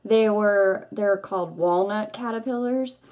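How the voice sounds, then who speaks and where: A woman chatting casually in her own book-review vlog, rambling and self-deprecating, animated when she tells a story. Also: mid-range voice, measured pace. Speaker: book vlogger.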